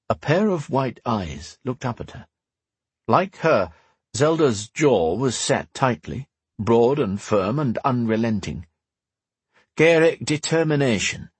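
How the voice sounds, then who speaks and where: Low husky male narrator. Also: no room sound. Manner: measured storytelling, slowing for dramatic beats. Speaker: audiobook narrator. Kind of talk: scripted fantasy narration.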